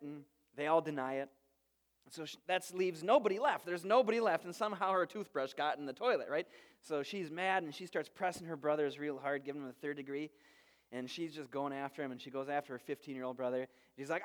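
Pastor guy in his 30s preaching, kinda high voice, acts out the people in his stories. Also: fairly quick. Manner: storytelling, animated quoted voices. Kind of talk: sermon.

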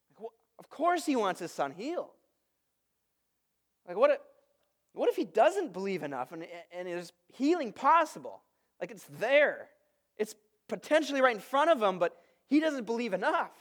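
Man, pastor, high-pitched, conversational sermon, casual asides. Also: moderate pace, pauses often. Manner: conversational, storytelling with lively asides.

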